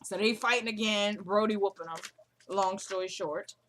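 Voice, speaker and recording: A woman's voice: mid-range voice, moderate pace, a bit bright, slight background noise. A woman casually recapping a TV episode, chatty and slangy, acting out bits of the characters' dialogue.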